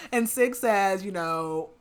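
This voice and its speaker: A woman's voice: medium pitch, slow pace, smooth. A woman podcast host casually recapping a book's plot, half-acting the characters' lines and saying "like" a lot. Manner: animated retelling with lots of "like", half-acting the quotes.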